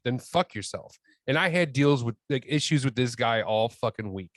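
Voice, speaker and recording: A man's voice: medium pitch, normal speed, no room sound. A man telling a story on a podcast in a grumbling, heavily profane way. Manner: grumbling, heavy swearing. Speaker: returning podcast guest.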